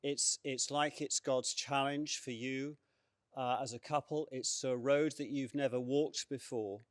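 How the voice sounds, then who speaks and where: A middle-aged man from England speaking earnestly on a conference panel, halting often with fillers and repeated words. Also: mid-range voice, steady tone, no room sound, studio quality.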